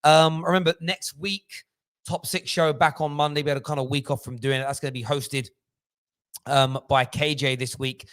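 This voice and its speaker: A man's voice: a little high, little pitch movement, moderate pace, clean tone. Brash man hosting a fan show. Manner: loud, swearing, jokey. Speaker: host of a football fan call-in show. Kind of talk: casual banter with callers.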